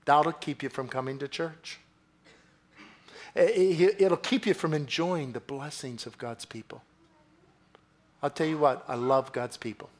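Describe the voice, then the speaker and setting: Dramatic preaching man, slightly high voice. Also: unhurried, long pauses. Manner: dramatic preaching, voice swinging from soft to loud. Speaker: pastor. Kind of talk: sermon. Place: church.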